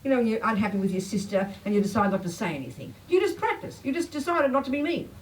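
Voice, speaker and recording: An older woman teaching a public Buddhist talk, blunt and emphatic, pitch swinging up when she makes a point. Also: animated, fast, far from the mic, poor audio. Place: talk venue. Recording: faint noise, voice a bit off-mic.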